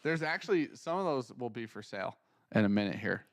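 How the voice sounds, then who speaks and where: Man, co-host, casual chat, animated storyteller, mid pitch, dry close sound. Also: a little fast, no echo. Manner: animated storyteller, acts out quotes. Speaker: podcast co-host.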